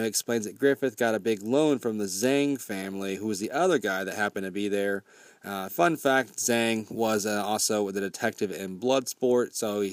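A man's voice: on the low side, dry recording. Profane, rambling man recapping a movie. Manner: rambling, profane, laid-back.

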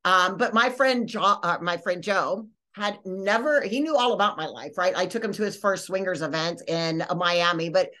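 A woman podcast host telling a story in a rambling, animated way, full of fillers and restarts. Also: fairly low pitch, moderate pace, hardly any pauses. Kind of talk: casual storytelling.

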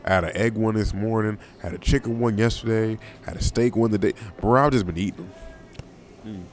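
A man's voice: lowish voice, fairly quick, a little hiss or hum. A young man hosting a casual solo podcast, talking in a loose, rambling, slangy way and often repeating himself. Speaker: podcast host.

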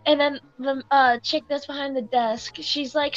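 A woman's voice: sits high, steady tone, moderate pace, lo-fi sound, soft background music. A young woman who works as a cashier, telling a story in casual chat, acting out customers and laughing along.

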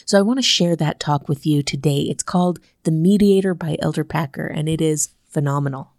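A woman's voice: sits low, fairly quick, darkish tone, no room sound, clean studio sound. A woman earnestly introducing a recorded church talk she loves. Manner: earnest and enthusiastic. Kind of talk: casual devotional introduction.

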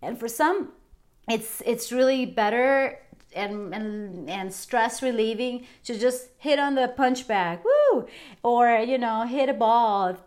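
A woman's voice: on the high side, takes it slowly, a little mellow. A middle-aged woman hosting a fitness podcast, talking casually and cheerfully straight to her listeners. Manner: chatty, upbeat, addresses listeners directly. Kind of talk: casual wellness talk.

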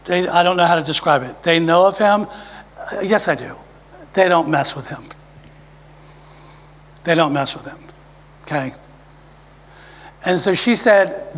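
Male preacher, high voice, emphatic testimony, hushed drops, church reverb. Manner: emphatic, swings from loud to hushed. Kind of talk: sermon testimony. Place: church sanctuary. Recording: long reverb of a church hall.

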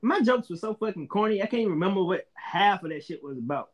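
A man tells stories as a guest on a podcast. His voice sits fairly high, and he talks in an animated way with plenty of swearing. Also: fast. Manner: animated, profane storytelling. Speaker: stand-up comedian, podcast guest. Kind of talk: casual storytelling chat.

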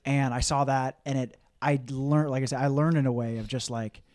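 A man's voice: medium pitch, fairly even intonation, a little fast, a little mellow, no echo, clean studio sound. A young man, a stand-up comic guesting on a podcast, chatting in a laid-back, joking, profane way. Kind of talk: casual chat.

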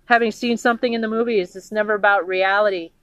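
A woman from the United States in an angry, profane political rant, indignant and halting, with many restarts. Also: medium pitch, steady tone, fairly bright tone, no echo, low-quality recording.

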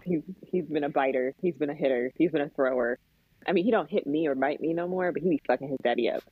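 A woman's voice: low-pitched, quick pace, breathy edge, dry recording. A woman in her thirties, a podcast guest, talking bluntly and jokingly about raising her kids and acting out their voices. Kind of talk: casual chat. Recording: tinny phone-like line, dry.

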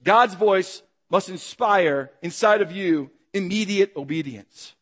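A man preaching a sermon, asking the congregation rhetorical questions and acting out calls and shouts. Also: high-pitched, slow pace, in a large hall. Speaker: pastor.

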